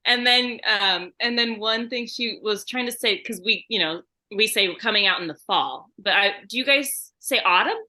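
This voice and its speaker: A woman's voice: medium pitch, moderate pace, hardly any pauses, pushed and bright. A woman hosting a podcast in a casual chat, bubbly and laughing, with rambling restarts. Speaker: podcast host.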